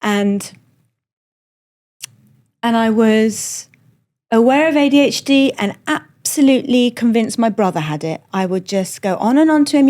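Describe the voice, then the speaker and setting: Middle-aged woman, middle-class English accent, comedian guest, animated and self-mocking, quick asides. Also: fairly high pitch. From London, England. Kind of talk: candid conversational storytelling.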